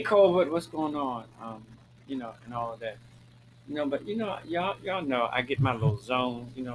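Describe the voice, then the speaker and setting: Talking straight to his viewers in a casual monologue, this flamboyant show host from Maryland, USA, calls them honey and girl, swears freely, and preaches emphatically, repeating lines for effect. His voice is medium-pitched. The recording is low quality, with slight background noise.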